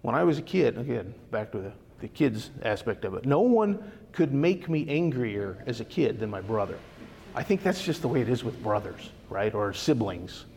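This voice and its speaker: A man's voice: mid-range voice, creaky, a little mellow, slightly rough. A man preaching a Bible study sermon in a conversational way, often tossing rhetorical questions to his listeners. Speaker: pastor. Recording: long hall reverb.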